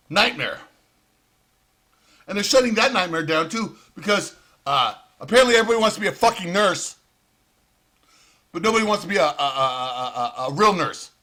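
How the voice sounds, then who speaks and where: A man's voice: high voice, pushed and bright. A man ranting in profane, heated commentary with sarcastic outbursts. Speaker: vlogger.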